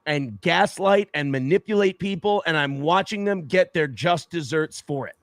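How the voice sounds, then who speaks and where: A high-pitched man talks to his viewers in a casual monologue, justifying himself as he goes. He stumbles and restarts often, and the sound is dry and close with no room around it. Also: no room sound. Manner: halting, self-justifying, many restarts. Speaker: streamer in a played clip.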